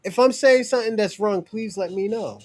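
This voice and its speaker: A man speaks in a fairly high voice on a livestream. He presses his case bluntly, firing off rhetorical questions. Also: brisk. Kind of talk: heated livestream commentary.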